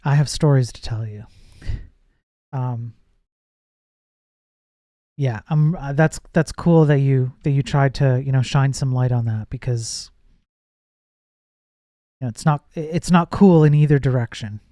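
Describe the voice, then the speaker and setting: A man streams himself coding and chats with viewers, reasoning aloud, reading chat, and frequently trailing off before restarting. His medium-pitched voice is dark, with a measured pace and many pauses, and he says projecting makes it nasal. The clean studio recording has no room sound.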